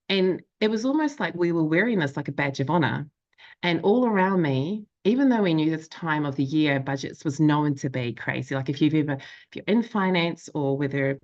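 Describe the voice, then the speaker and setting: Woman in her thirties, low voice, reflective confessional storyteller, slightly dull lo-fi sound. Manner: reflective, confessional, many fillers and quoted inner voices. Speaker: life coach and show host. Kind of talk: candid personal storytelling to an audience.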